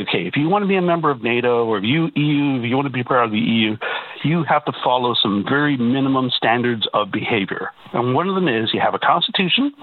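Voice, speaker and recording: A man calling in to a radio talk show, talking emphatically and repeating himself as he presses his point. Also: mid-range voice. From Canada. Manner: emphatic, repeats words, rising to insistence. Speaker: caller. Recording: tinny phone line on radio.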